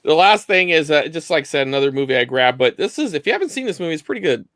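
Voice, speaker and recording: A man's voice: on the high side, very animated, rapid-fire, fairly bright tone, no room sound. A man co-hosting a live online collecting chat, talking casually and rambling with lots of fillers over a video call. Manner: rambling, loose, many fillers.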